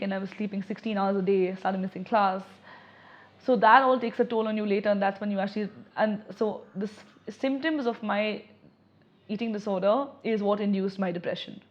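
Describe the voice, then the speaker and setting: A young woman speaks candidly in an interview, reflecting as she talks and often stopping to restart a thought. Her voice sits at an ordinary middle pitch. The audio is slightly dull and lo-fi. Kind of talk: personal testimony.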